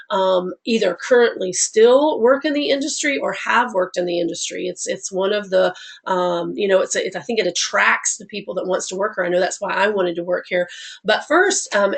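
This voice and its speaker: A woman's voice: mid-range voice, slightly rough. A woman in her forties with a Southern US accent, from Alabama, giving a live online class with a stuffy nose from a cold, friendly and rambling, with many fillers. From Alabama, USA. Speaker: online instructor.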